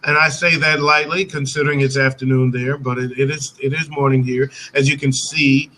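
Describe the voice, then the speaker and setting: An American man hosting a casual live-stream chat over a video call, talkative and quick to laugh, often restarting sentences. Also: medium pitch, level tone, pushed and bright, a little hiss or hum, low-quality recording. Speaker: host.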